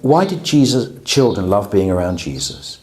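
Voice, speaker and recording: A man's voice: lowish voice, sing-song, moderate pace, a little mellow, a little hiss or hum. A man, a pastor, teaching a class on preaching in a conversational way, often checking in with his listeners. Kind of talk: lecture to a class.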